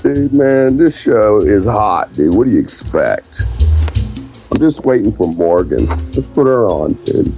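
A man's voice: fairly low pitch, big pitch swings, a little slow, music in the background, poor audio. A man calling in to a show, laid-back and slangy, swearing casually as he chats. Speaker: regular caller. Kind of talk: casual phone-in banter.

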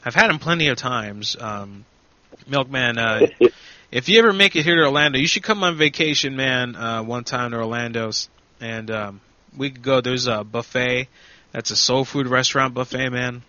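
A man's voice: mid-range voice, moderate pace, bright, forceful tone, no echo. A man hosting a casual prank-call radio show, rambling with laughs and crude banter. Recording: dull lo-fi sound with music behind.

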